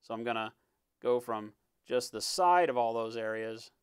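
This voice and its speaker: A man talking through a live-stream painting tutorial in a relaxed, explanatory way, often checking in with "right?" and sometimes muttering as he works. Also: medium pitch, normal speed, smooth, no room sound. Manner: muttering while working. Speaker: miniature painting instructor.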